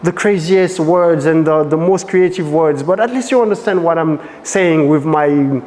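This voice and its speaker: A man with a French accent teaching a dance workshop, animated and often checking that students follow. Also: on the high side, moderate pace, long reverb tail. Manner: animated, asks frequent check questions.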